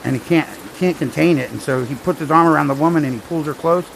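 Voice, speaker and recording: A man with a heavily gravelly voice tells rambling jokes with dry asides on a casual stream. His pitch sits in the middle, and faint rain comes in behind him outdoors. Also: quick pace, slight background noise, rough recording. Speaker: storm-watching vlogger. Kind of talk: casual joke-telling livestream.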